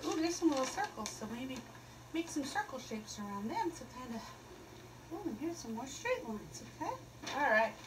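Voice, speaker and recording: A woman's voice: high-pitched, fairly bright tone, distant mic, a little hiss or hum, rough recording. A woman giving a casual painting lesson, chatty and playful, humming little "woo" sounds as she works. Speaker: art teacher.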